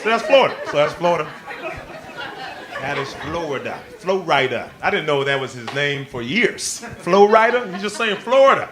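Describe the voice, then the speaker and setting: A male stand-up comedian performing a live set on a club stage, excitable and playful, working the crowd and leaping into squealing quoted voices. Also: on the high side, fairly quick. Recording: live club recording with crowd laughter and noise.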